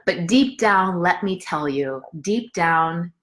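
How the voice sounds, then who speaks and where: Earnest low-pitched woman coach. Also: expressive, slow pace, a bit bright. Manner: earnest, repeats phrases for emphasis; greets viewers by name. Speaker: embodiment coach hosting a live session. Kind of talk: motivational live talk with a personal story.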